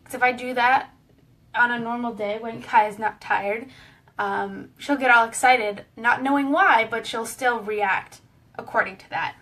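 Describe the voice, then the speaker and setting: Friendly woman educator, a touch high-pitched, talks through a relaxed lesson; recorded a little far off. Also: a little slow. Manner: friendly, explanatory, with small fillers. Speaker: pet wellness educator. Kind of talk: casual online lesson.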